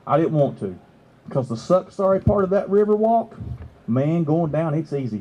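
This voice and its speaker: A man telling an animated story to an outdoor festival crowd, excitable and laughing. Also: moderate pace, poor audio. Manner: excitable, laughing, leaps to high exclamations. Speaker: festival speaker. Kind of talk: animated storytelling to a live audience.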